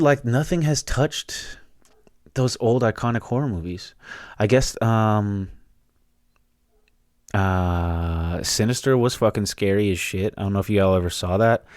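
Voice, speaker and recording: A man's voice: fairly low pitch, no room sound, clean studio sound. A young man hosting a solo podcast, rambling in a profane, jokey, casual way. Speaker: podcast host.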